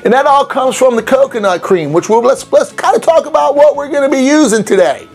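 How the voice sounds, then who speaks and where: Soft music plays as a man with a very high, expressive, slightly mellow voice briskly talks through a cocktail recipe to camera. His chatty, playful style includes rambling asides and silly mock voices.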